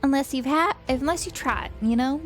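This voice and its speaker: A woman's voice: high-pitched, brisk, soft background music, pitched above the performer's own voice, lightly acted. A woman voicing a friendly, jittery middle-aged diner waitress with a country accent and a hesitant, folksy way of talking. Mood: flustered. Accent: American country. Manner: hesitant, folksy welcome with many fillers.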